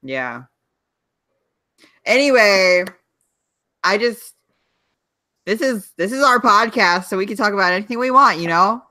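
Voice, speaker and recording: A young man co-hosting a podcast, chatting casually, wry and quick to laugh. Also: high-pitched, animated, bright, forceful tone, no room sound. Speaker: podcast co-host. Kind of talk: casual chat.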